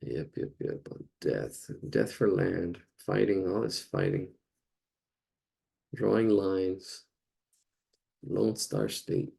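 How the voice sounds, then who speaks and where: A man with a low, gravelly, husky voice, thinking aloud as he sketches. He rambles in a loose, muttering way and drifts into chuckling asides. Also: big pitch swings, takes it slowly, long pauses, dark tone. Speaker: drawing instructor. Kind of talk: casual narration while drawing.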